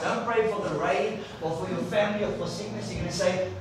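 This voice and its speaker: Excited preacher in an echoey church. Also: male voice, high-pitched, fairly quick, background noise. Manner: enthusiastic, repeats words for emphasis. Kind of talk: sermon. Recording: echoey church hall from far off.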